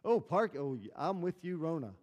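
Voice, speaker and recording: A man's voice: a little high, very animated, normal speed, a little mellow. A man preaching a conversational sermon, telling stories and asking the congregation questions. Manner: chatty, storytelling, asks the room questions. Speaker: pastor. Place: church hall. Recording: reverberant church hall.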